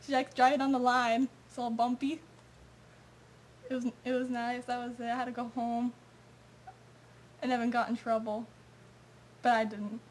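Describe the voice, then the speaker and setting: A woman's voice: fairly high pitch, flat delivery, moderate pace, pauses often, slight background noise. A woman telling a story in a casual confessional way, rambling along and filling it with "like" and "and so". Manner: rambling, lots of "like" and "and so".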